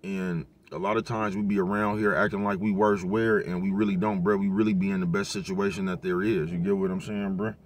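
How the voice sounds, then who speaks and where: Dude talkin aave, chill and rambling, cussing a lot, kinda low voice, keeps checking you get him. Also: male voice, level tone, brisk, few pauses. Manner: laid-back, profane street talk, constant "you know what I'm talking about". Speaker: vlogger giving life advice. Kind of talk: casual motivational monologue.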